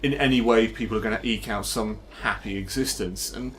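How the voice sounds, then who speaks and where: A man's voice: fairly low pitch, fairly quick, slight background noise. Male gameplay commentator, casual and enthusiastic, headset mic at home. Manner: chatty, enthusiastic, laughs often.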